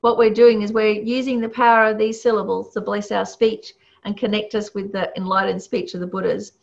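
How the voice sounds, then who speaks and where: A woman's voice: medium pitch, flat delivery, brisk, creaky. A woman teaching a class in a chatty, casual way, laughing often and using many fillers. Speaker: Buddhist teacher. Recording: muffled lo-fi recording.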